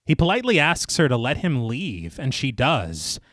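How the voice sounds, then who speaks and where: Animated man recapping a horror film. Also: normal speed, dry recording, clean studio sound. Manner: dramatic storytelling, reads movie quotes in a lowered voice, laughs at his own jokes. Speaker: podcast co-host. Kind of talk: scripted film recap narration with casual asides.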